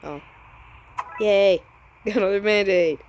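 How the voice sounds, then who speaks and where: A woman giving casual commentary while playing a game, excitable and laughing, swearing often. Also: mid-range voice, slow, muffled recording. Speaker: gamer. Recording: noisy background.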